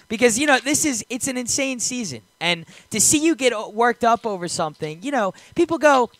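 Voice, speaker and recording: A man's voice: extremely high pitch, animated, fairly quick, few pauses, a bit bright. A man co-hosting a casual sports talk show, teasing his partner and sounding exasperated. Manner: teasing, exasperated, laughs a lot. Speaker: co-host.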